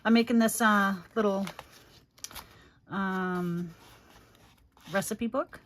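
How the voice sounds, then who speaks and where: A woman's voice: mid-range voice, fairly even intonation, takes it slowly, slight background noise. A middle-aged woman hosting a crafting livestream, chatting casually and fondly, calling viewers honey and rambling with many fillers.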